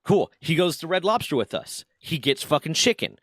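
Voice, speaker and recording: Gaming while he talks, a twenty-something man spins animated stories peppered with profanity and performed quotes. He speaks at normal speed in a fairly high voice, recorded studio-clean with no echo.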